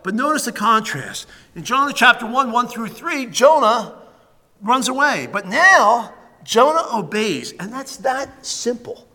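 A man's voice: very high voice, big pitch swings, measured pace, pushed and bright, in a large hall. A man preaching a sermon as pastor, emphatic and repetitive, with frequent fillers and restarts.

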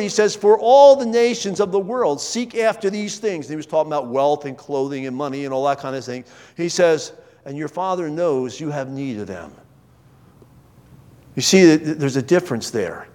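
Middle-aged male pastor, high voice, sermon delivery with lifts and quiet asides, long reverb. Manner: preaching with wide swings between raised emphasis and quiet asides.

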